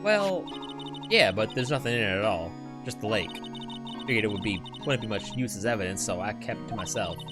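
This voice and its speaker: A man's voice: lowish voice, lively intonation, a little fast, recorded from a distance, over loud music, natural voice. A man putting on a Southern US accent to voice a folksy, chatty young woman in a video game. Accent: put-on Southern US.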